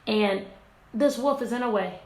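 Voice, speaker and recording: A woman teacher reading a picture book aloud to her class, animated and asking many questions. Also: medium pitch, unhurried, gravelly. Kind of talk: interactive read-aloud lesson. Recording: echoey room, faint background noise.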